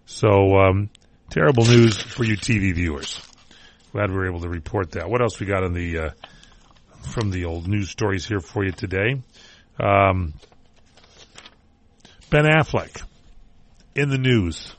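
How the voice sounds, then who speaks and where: A man's voice: deep voice, measured pace, long pauses. A man hosting a talk radio show, chatting casually and joking about entertainment news. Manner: wisecracking, rambling.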